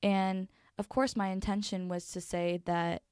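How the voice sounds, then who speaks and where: A young woman talking casually and reflectively to her viewers, calm and mellow, with lots of "like" and "um.". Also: medium pitch, a little slow, clear, resonant tone, no room sound, clean studio sound. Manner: casual, rambling, heavy filler words. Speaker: video host. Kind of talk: personal reflective talk.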